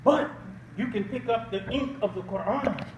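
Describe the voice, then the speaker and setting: Older male guest preacher with a very high voice, emphatic and questioning, recorded from afar in an echoey hall. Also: moderate pace, highs cut off, very noisy. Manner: emphatic call-and-response with rhetorical questions. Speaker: guest speaker. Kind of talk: Islamic preaching at an awards banquet. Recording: echoey hall audio from a distant mic.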